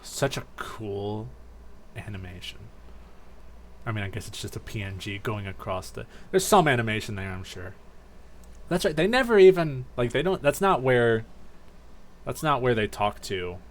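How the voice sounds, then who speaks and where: A man's voice: fairly low pitch, animated, moderate pace, long pauses. A man streaming a game live, making joking, self-interrupting asides as he plays.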